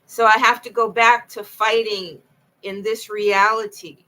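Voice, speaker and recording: Late at night and alone before the camera, a woman tells her own story, impassioned, rambling, and frequently repeating herself. Her mid-range voice is steady, unhurried, bright, and forceful, though the recording is rough.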